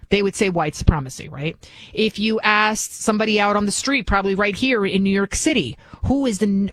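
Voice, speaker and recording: A woman's voice: medium pitch, no echo, poor audio. A woman hosting a political commentary show, delivering an opinionated monologue full of rhetorical questions and restarts.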